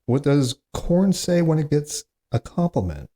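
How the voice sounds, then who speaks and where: A man's voice: on the high side, big pitch swings, unhurried, dark tone. A man hosting a solo comedy podcast, reading corny jokes aloud with chatty, self-mocking asides and groans at how bad they are. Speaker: podcast host.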